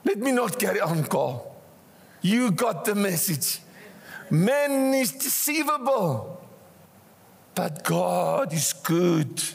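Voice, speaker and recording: An older man with a South African accent preaching a passionate sermon, swinging between rising cries and hushed asides, in a church. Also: sits high, big pitch swings, slow, gravelly, long pauses, breathy edge. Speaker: pastor. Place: church hall. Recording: church hall reverb.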